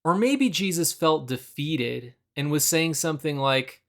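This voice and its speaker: A young adult man giving a measured, scripted explainer narration about a Bible passage, now and then acting out quoted lines. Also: fairly high pitch, lively intonation. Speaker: Bible video presenter.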